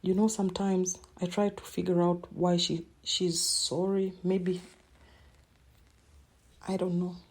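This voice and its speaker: A middle-aged woman hosting a podcast, telling a personal story in an emotional, halting way and repeating words as she speaks. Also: on the low side, flat delivery, breathy edge. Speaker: podcast host.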